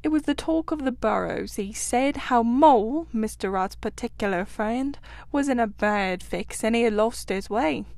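A woman voicing a cheerful, hearty male otter who tells his tale in a lively, outspoken way. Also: fairly high pitch, moderate pace, creaky, no echo. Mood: storytelling.

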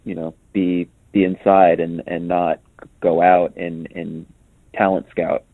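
A man's voice: deep voice, flat delivery, slow, creaky, dry recording. A man from New York giving a casual interview as a guest, hesitant, with many ums and restarts. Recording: tinny phone line.

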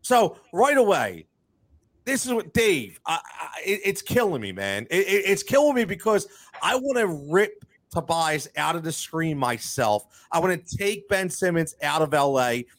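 A man's voice: a little high, very animated, a little slow, no room sound. A man hosting a sports podcast, ranting with heat and repeating himself as he gets going. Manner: fired-up, ranting, repeats words. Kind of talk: casual sports talk with ad reads.

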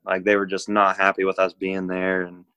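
A man from the United States tells a long travel story in a loose, rambling way, with lots of filler words. His voice sits a bit low. The sound is dry and close, with no room echo. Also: completely flat delivery, moderate pace, pushed and bright, clear, resonant tone. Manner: rambling, laid-back, lots of "like". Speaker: guest. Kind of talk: casual storytelling.

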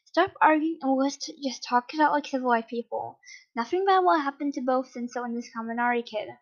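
A woman's voice: high voice, a little fast, dull audio. A woman reading aloud, voicing a flamboyant, doting father who is cheerful and dramatic. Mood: pleading.

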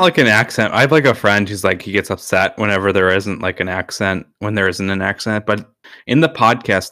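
A man with a low, pushed and bright voice is recorded at studio quality with no room sound. Co-hosting a podcast, he chats casually and rambles, using lots of filler words.

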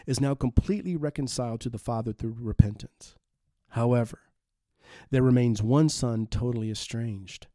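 A man preaching a sermon in an earnest, measured way, slowing down to stress key phrases. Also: mid-range voice, warm tone, dry recording, studio quality. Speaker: pastor.

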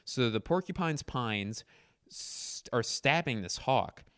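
A man's voice: mid-range voice, lively intonation, takes it slowly, fairly bright tone, clear, resonant tone, dry recording, clean studio sound. A young man reading aloud his childhood animal stories and joking about his old drawings in a rambling, self-mocking way. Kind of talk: casual commentary.

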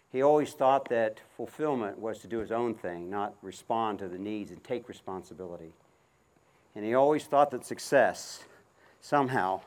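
Middle-aged male preacher working a horse, calls commands, then turns quiet and reflective. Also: lowish voice. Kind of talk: outdoor sermon with horse demonstration.

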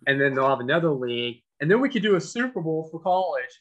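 A man co-hosting a podcast, talking sports in an animated way, full of incredulous, sarcastic asides. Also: on the high side, fast, highs cut off. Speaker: podcast co-host. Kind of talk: casual sports chat.

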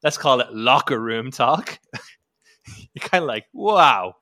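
A man's voice: mid-range voice, slow pace, bright, forceful tone. A man, a podcast co-host, talking in casual chat, rambling with many fillers and restarts. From Ireland.

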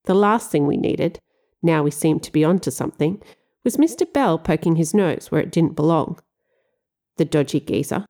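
Mellow-voiced woman narrating an audiobook. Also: low-pitched, lively intonation, moderate pace. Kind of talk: first-person audiobook narration.

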